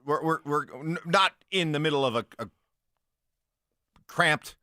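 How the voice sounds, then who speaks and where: A man's voice: on the high side, sharp tone, dry recording. A man co-hosting a sports radio show, bantering bluntly in casual talk. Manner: quick back-and-forth banter, blunt.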